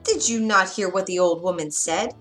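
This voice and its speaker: A woman's voice: medium pitch, moderate pace, a bit bright, faint music behind, close to an everyday voice. A woman voicing a rude tomcat in a storybook, snide and bossy. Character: rude hissing male tomcat.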